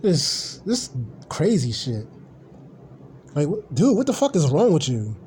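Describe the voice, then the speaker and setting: A man's voice: a little high, sing-song, unhurried, darkish tone, a little hiss or hum. A man ranting casually on a live stream, blunt, profane and rambling.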